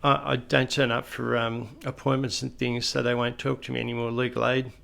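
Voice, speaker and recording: A man's voice: mid-range voice, level tone, brisk, vocal fry, a bit bright. A man with an Australian accent voicing a dim-witted young petty offender who stammers and hesitates. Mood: sheepish.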